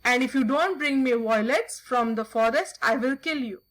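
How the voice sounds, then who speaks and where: A woman's voice: sits high, moderate pace. A woman reading aloud, voicing a spoiled, cruel young sister who bosses and threatens. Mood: threatening. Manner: bossy and threatening.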